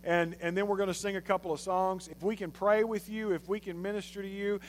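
A male pastor giving a sermon, telling a story in an animated, conversational way. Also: sits high, a little fast, a little hiss or hum.

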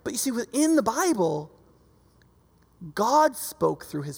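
A preacher giving a casual, conversational sermon, lively and acting out the voices of people in the stories. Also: medium pitch, measured pace, gravelly, pauses often, breathy edge. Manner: animated, acts out quoted voices. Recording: long reverb of a large hall.

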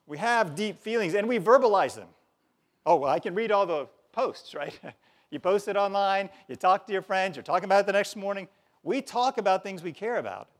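Man preaching, hushed to sudden outcries. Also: sits high. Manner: conversational, swings from hushed to sudden loud outcries; chuckles often while preaching. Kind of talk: sermon.

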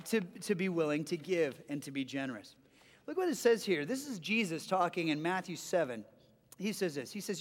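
A man's voice: sits high, in a large hall. A man who is a pastor, preaching a sermon in a conversational way, often restarting his phrases.

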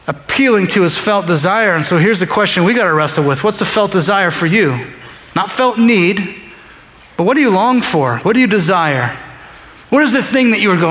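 High-voiced preacher in a reverberant church. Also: male voice, lively intonation, moderate pace, fairly bright tone. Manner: conversational, emphatic, repeats key phrases. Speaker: pastor. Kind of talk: sermon. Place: church sanctuary during a service.

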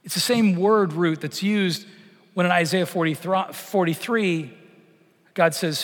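A middle-aged man preaching a sermon, swelling loud on promises and sinking to a near-whisper at the ends of phrases. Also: high voice, slow. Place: church sanctuary. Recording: long church reverb.

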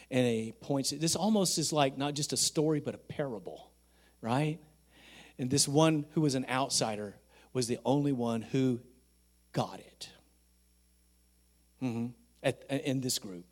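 A man preaching a sermon, swinging from loud, emphatic shouting to soft, quiet points. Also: medium pitch. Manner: builds to shouting emphasis, then drops to quiet. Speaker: pastor.

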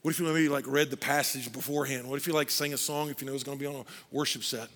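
A man preaching a sermon as pastor, animated, often shouting and acting out voices. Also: mid-range voice, racing, big-room sound.

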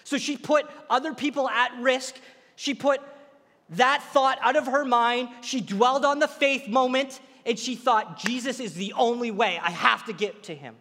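A man preaching a sermon, retelling a story with lively, acted-out quotes. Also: very high voice, normal speed, long reverb tail.

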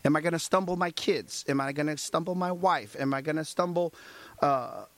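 A man's voice: on the high side, moderate pace, a bit bright, no echo. A male pastor preaching a sermon, asking the congregation rhetorical questions and acting out little dialogues.

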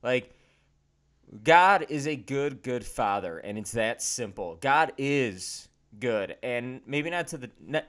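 A man's voice: mid-range voice, lively intonation, slow, fairly bright tone. A man co-hosting a casual faith podcast, speaking in a candid, self-deprecating and earnest way. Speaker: podcast co-host.

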